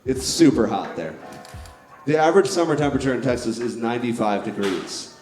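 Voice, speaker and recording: A man doing stand-up on a comedy club stage, delivering a mock-formal slideshow presentation in a deadpan manner. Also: medium pitch, fairly quick. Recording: echoey club with music.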